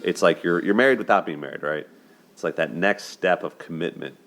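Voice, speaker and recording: A man with a low, deep voice talks through a film's love story in a loose, chatty way. He often checks in with his listeners by asking "right?" and laughs as he goes. It sounds like a relaxed host's commentary. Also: brisk, soft background music. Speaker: host of a dating and movie commentary show. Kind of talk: casual spoken movie breakdown.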